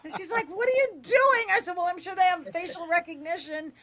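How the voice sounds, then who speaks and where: An older woman radio host telling a funny story, lively and animated, acting out the voices in it. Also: fairly quick. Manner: lively, acts out quoted voices with big pitch jumps.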